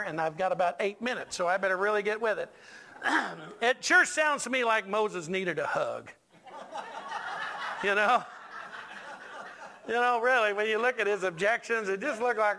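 A man's voice: sits high, measured pace, creaky, long pauses, sharp tone. A male pastor preaching a sermon in a church, joking with the congregation and stressing lines with emphatic repetition.

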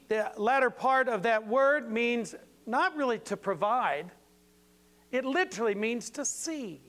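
Older man, preacher, folksy informal sermon, high-pitched voice, playful asides. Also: fairly bright tone.

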